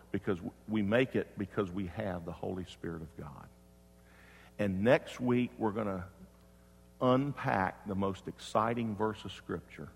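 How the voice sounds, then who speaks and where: A man preaching a sermon as pastor, swinging from loud emphatic preaching to hushed, quiet storytelling. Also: fairly low pitch, vocal fry, breathy edge, long reverb tail.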